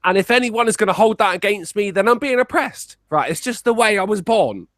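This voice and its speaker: A man's voice: high voice, lively intonation, fairly quick, fairly bright tone, no room sound, clean studio sound. An English man, a guest on a live podcast, bantering brashly with lots of swearing and laughter. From England. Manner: brash, profane, laughing often.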